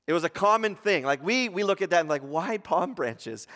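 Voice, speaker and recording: A man preaching a sermon as pastor, talking in a conversational way with fillers and restarts, rising in pitch and volume when he acts out the crowd. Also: fast, in a large hall. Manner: grows louder and higher when acting out the crowd.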